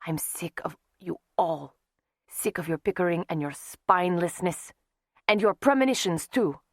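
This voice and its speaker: Woman reading a young male vampire, furious, contemptuous, low voice, dry sound. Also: animated, moderate pace, no echo. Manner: shouting, terse, contemptuous.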